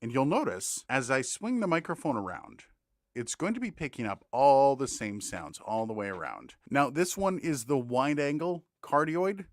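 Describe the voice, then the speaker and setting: Speaking straight into a studio condenser mic, a man reviews microphones in a casual tech demo, tossing in lively, joking asides. His voice is mid-range at a normal speed, with no room sound.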